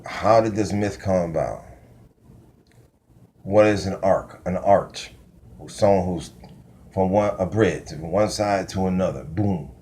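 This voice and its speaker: Speaking slowly in a low, dark voice with frequent pauses, a man styling himself a spiritual teacher gives a rambling, profane talk. He veers from topic to topic, keeps restarting, and rants conspiratorially, with slight background noise present.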